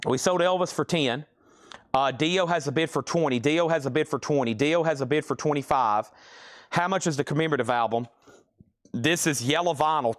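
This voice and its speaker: A man's voice: mid-range voice, fairly bright tone. Man, mid-range voice, live-stream auction host; joking patter, rattles off prices and bids, a bit winded. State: out of breath.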